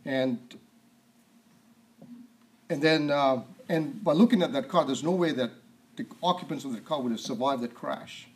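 A man preaching a sermon, reading scripture aloud, asking rhetorical questions and often clearing his throat. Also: mid-range voice, moderate pace, long pauses.

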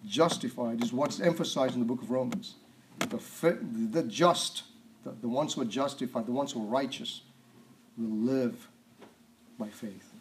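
A man's voice: mid-range voice, measured pace, rough recording. Man preaching emphatically. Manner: emphatic, repeats key words, frequent throat clearing. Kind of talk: sermon.

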